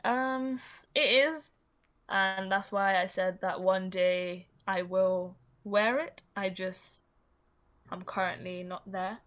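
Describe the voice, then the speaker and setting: Bright, emphatic young woman. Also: mid-range voice, slow. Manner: animated, emphatic, repeats herself for effect. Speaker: podcast co-host. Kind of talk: casual chat.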